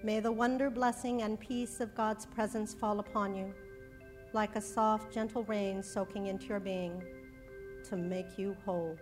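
A woman minister giving a sermon, then leading a slow, soothing guided breathing meditation at a church service. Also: mid-range voice, steady tone, a little mellow, in a large hall, soft background music.

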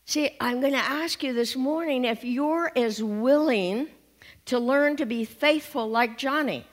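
A woman's voice: high-pitched, measured pace. A woman minister preaching a sermon, telling stories with humor and inviting her congregation to join in. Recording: long hall reverb.

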